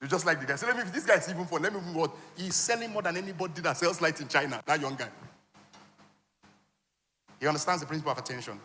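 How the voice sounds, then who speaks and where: A man giving a lively motivational talk at a business conference, now and then acting out other people's voices. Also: fast talker, long pauses, slight background noise. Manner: animated, acts out high voices for women. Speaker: conference speaker. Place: large conference hall. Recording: reverberant hall.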